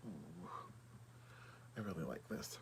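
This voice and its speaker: A man chatting casually through a makeup tutorial, often dropping to a soft half-whisper while he works. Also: a bass voice, expressive, takes it slowly, vocal fry, noisy background. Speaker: beauty vlogger.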